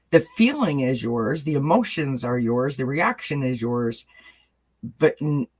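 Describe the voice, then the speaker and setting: A man hosting a casual video chat, candid and earnest, speaking straight to his viewers. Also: mid-range voice. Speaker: channel host.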